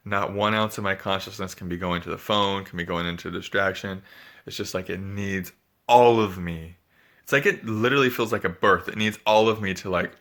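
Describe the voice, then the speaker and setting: A man speaking in a confessional vlog, feeling sick and drained, with a halting, soft, searching delivery. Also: deep voice. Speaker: spiritual vlogger.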